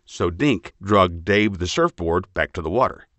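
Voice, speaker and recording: Male storybook reader, low voice, very animated delivery, dry close sound. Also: unhurried, no room sound. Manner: expressive, lively storytelling. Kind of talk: children's storybook reading over phone line.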